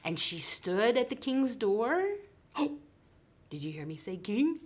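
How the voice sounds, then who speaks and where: A woman preschool teacher telling a story to young children, slow and expressive, often dropping into soft whispers. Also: mid-range voice, breathy edge.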